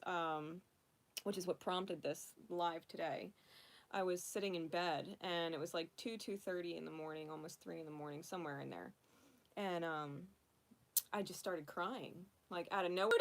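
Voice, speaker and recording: A woman hosting a casual livestream card reading, chatting and laughing often before softly calling in her angels. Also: on the low side, normal speed. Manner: chatty, laughs often, soft prayerful invocations. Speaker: spiritual card reader.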